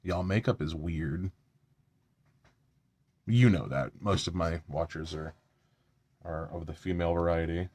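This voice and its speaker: A man's voice: sits low, a little slow, long pauses, darkish tone, husky. A man chatting casually at home while doing his makeup on a live stream, joking about himself and swearing now and then.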